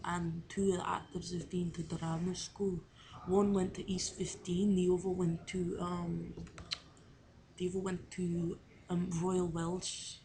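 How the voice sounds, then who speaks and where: Young woman, fairly low voice, rambling self-doubting video-diary talk, faint background hiss. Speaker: drama student on placement. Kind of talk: casual spoken video diary.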